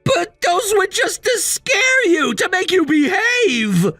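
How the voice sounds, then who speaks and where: A man's voice: sits high, big pitch swings, a little slow, creaky, dry recording, soft background music, heavily acted. A man voicing a bossy, scornful husband. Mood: angry, scornful. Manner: bossy and dismissive, shouting at times. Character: controlling, scornful husband facing divorce. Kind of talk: text-message story narration.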